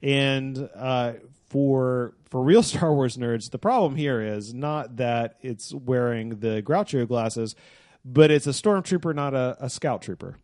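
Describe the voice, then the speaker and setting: A man's voice: medium pitch, slow, a little mellow, no room sound. A man hosting a casual beer podcast, talking with enthusiasm and laughing often. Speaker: podcast host.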